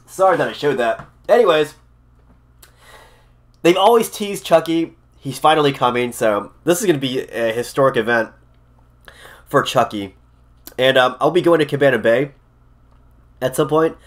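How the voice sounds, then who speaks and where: A man vlogging casually to camera, excitable and rambling, often repeating himself and restarting sentences. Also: mid-range voice, moderate pace, pauses often. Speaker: theme park vlogger. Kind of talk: casual vlog talk to camera.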